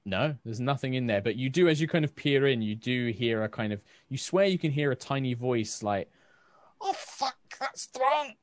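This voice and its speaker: A man's voice: mid-range voice, animated, fairly quick, few pauses, no echo. A British man narrating as game master, rambling and easygoing. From Britain. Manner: rambling, with fillers and laughs.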